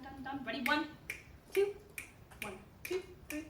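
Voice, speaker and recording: A woman's voice: high voice, expressive, unhurried, fairly bright tone, slight background noise. A woman teaching a school band in rehearsal, encouraging and singing out rhythms for the players. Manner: upbeat, encouraging, sings rhythms. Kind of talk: rehearsal instruction. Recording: echoey room, distant mic. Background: band instruments playing.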